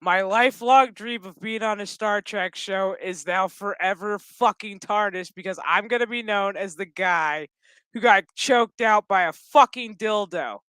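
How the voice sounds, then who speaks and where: A speaker putting on a fed-up man complaining profanely about being choked on a set, in a slow whiny grumble. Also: medium pitch, bright, forceful tone, smooth, dry recording. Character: miserable male extra being choked, fed up.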